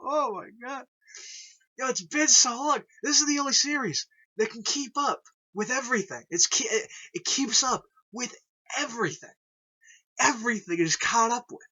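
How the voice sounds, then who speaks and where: A young man in a casual fan vlog, rambling excitedly and saying "yo" over and over. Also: very high-pitched, moderate pace, breathy edge. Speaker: video creator. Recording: dull lo-fi recording.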